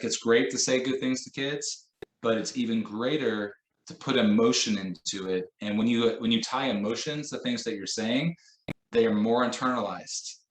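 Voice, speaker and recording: A man's voice: medium pitch, reverberant, slight background noise, poor audio. A man training teachers in a conversational way, illustrating points with examples and quoted phrases. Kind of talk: professional development lesson.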